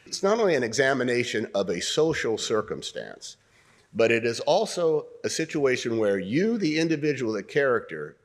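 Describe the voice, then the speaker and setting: An older man teaching an acting workshop, coaching students through scenes in an animated way and often clearing his throat. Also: mid-range voice, normal speed.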